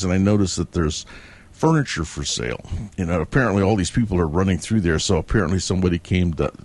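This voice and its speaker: A man's voice: sits low, a little mellow. A man telling a long, vivid dream in a casual, rambling way, full of fillers and restarts. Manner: chuckles between sentences. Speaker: dream teller. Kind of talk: casual spoken recollection.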